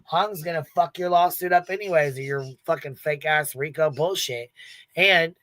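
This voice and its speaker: A woman's voice: deep voice, normal speed, fairly bright tone, dry recording. A woman hosting a livestream in casual commentary, blunt and profane, laughing often as she retells events with quoted asides. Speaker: livestream host.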